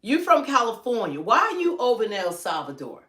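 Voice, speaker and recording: A woman's voice: a little high, very animated, fairly quick, a bit bright. A woman co-hosting a livestream with opinionated political commentary. She is emphatic and keeps firing rhetorical questions. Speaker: livestream co-host. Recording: roomy echo.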